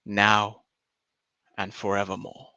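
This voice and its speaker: A man's voice: lowish voice, monotone, slow, gravelly, bright, forceful tone, smooth, no room sound, highs cut off, exaggerated voice. A man putting on a pompous English poet. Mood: mock-solemn. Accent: put-on English. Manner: grandiose, theatrical recitation. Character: mock-solemn English poet reciting verse, adult man.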